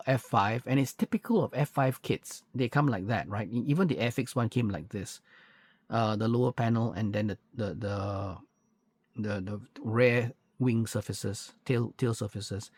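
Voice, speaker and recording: A man's voice: mid-range voice, creaky, breathy edge, dry recording. A man walking through a model kit's parts in a chatty, pedantic way, full of fillers and self-corrections. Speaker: scale model reviewer. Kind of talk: unboxing walkthrough, casual commentary.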